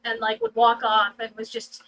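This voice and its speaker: A woman's voice: fairly high pitch, completely flat delivery, moderate pace, bright, forceful tone, a little hiss or hum, poor audio. A woman from Ohio chatting casually on a livestream, chiming in and quoting what other people said. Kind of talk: casual chat.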